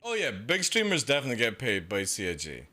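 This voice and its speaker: A young man streaming a game, ranting casually and profanely, and mocking others in quick put-on voices. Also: mid-range voice, huge pitch swings, sharp tone. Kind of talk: casual live-stream rant.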